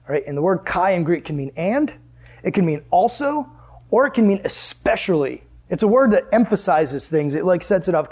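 A man preaching a sermon to a live audience in church, animated and often asking the crowd questions. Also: sits high. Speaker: pastor.

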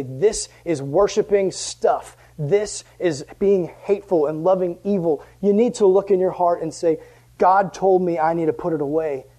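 A man preaching to a youth group in a relaxed, conversational way, with jokes along the way. At times his voice climbs and pushes hard as he presses the point home. He sounds like a youth pastor talking with the kids. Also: a little high. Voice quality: conversational, joking, building to emphatic passion. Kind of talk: casual evening sermon to young people.

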